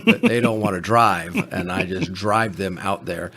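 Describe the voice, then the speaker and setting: Husky, blunt paramedic storyteller, man. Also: low voice, measured pace, fairly bright tone. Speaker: paramedic co-host. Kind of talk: candid podcast conversation.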